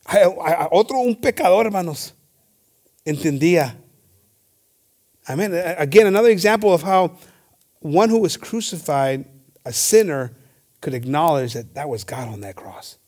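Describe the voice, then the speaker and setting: A man in the pulpit, moving between English and Spanish as he reads scripture and preaches. His voice sits a little higher than most men's, and he stumbles and restarts words as he goes, calling out "hermanos" again and again. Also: normal speed, pauses often, a little mellow. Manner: stammers and restarts often. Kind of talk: bilingual sermon with scripture reading.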